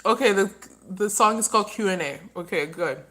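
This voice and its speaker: A woman's voice: mid-range voice, fairly quick, fairly bright tone. A woman hosting a casual livestream, rambling through her opinions and talking while she eats. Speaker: livestream host.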